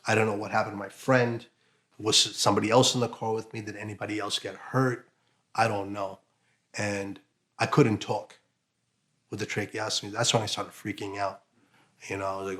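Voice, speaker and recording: A man giving an emotional personal account as an interviewee, halting, with many fillers and restarts. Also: fairly low pitch, steady tone, a bit bright.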